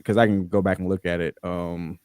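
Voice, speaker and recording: Deep-voiced and flat in delivery, this podcast host wraps things up briskly with a slightly mellow, clean tone on a dry recording. His casual ending rambles loosely, full of jokes and ums.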